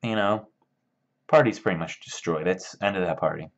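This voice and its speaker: A man's voice: low-pitched, normal speed. A man casually retelling a book for laughs, in a loose, rambling way full of fillers. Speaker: video maker. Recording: dull lo-fi sound.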